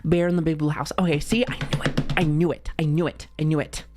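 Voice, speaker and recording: A woman streamer chatting casually while reacting to videos, excitable, laughing often and swearing freely. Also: low voice, quick pace, over music.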